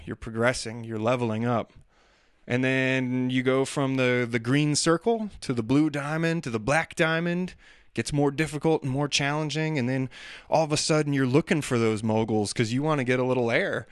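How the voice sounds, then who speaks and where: A man's voice: medium pitch, normal speed, clean tone, no room sound, clean studio sound. A middle-aged man musing casually and with self-deprecating humor in a solo monologue. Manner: chatty, self-deprecating, demonstrates singing sounds.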